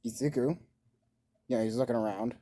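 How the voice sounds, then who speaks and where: A man's voice: mid-range voice, fairly quick, dark tone. A man casually improvising a crude fan-fiction story, rambling with lots of filler and laughing at his own jokes.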